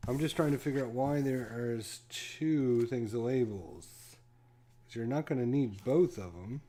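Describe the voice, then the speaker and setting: A man's voice: medium pitch, measured pace, dark tone. A man unboxing a board game, casually thinking aloud to himself and counting pieces under his breath.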